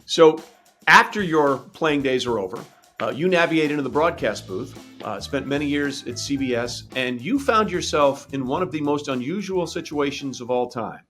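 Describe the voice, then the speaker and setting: A man's voice: medium pitch, expressive, moderate pace, a bit bright, faint music behind. A middle-aged man hosting a podcast, asking questions and encouraging his guest in a casual, conversational way. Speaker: podcast host.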